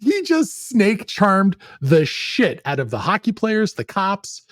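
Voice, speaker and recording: A man's voice: high-pitched, takes it slowly, no room sound, studio quality. A middle-aged man hosting a podcast, telling a story in a loose, profane way and laughing as he goes. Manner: animated, profane, laughs while telling stories. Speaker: podcast host. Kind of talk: casual storytelling chat.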